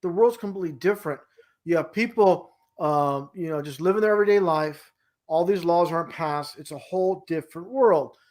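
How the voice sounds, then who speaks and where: A male guest talks casually and at length, rambling, restarting often, and sounding incredulous. His voice is a little high with a darkish tone, and he speaks briskly.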